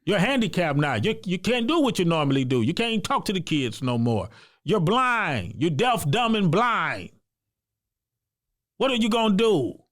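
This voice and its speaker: A man putting on a taunting, high-pitched devil. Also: sing-song, normal speed. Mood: scornful. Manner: scornful, needling. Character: taunting male devil tempting a blind man.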